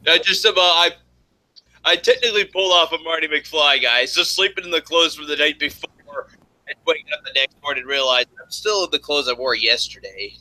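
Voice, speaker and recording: Bright-voiced rambling male host. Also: fairly high pitch, a little fast, no room sound, low-quality recording. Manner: rambling, many fillers. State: hungover. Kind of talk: casual podcast chat.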